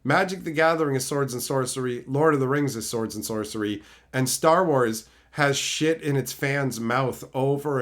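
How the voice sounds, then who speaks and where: A man's voice: mid-range voice, lively intonation, moderate pace, few pauses. A man hosting a livestream, casually reading chat and ranting in a profane, unfiltered way. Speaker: livestream host.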